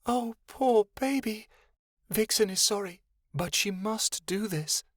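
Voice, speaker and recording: A man's voice: very high voice, big pitch swings, moderate pace, a bit bright, no echo, studio quality, voice pushed up, full character voice. A man voicing a small, fierce female fairy warrior who speaks of herself in the third person, in an audiobook. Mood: tearful.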